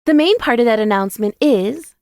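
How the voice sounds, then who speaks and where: Woman putting on an excited young gal with a bright, bubbly voice, sounding close and dry. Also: fairly high pitch, a little fast, dry recording, voice pushed up. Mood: eager. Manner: bubbly and eager. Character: excited young woman friend planning a party.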